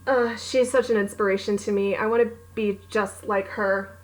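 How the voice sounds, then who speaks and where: A young woman author records a casual book recommendation vlog, gushing bubbly enthusiasm over her favorites and acting out her own reactions. She speaks at a moderate pace in a mid-range voice with a steady tone. The recording is rough.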